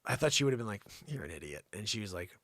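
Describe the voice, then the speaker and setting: Middle-aged guy rambling on his livestream, lively up-and-down voice, dry close sound. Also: on the low side, quick pace, dry recording. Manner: rambling, animated, breaks into impressions. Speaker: livestream host. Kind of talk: casual livestream chat.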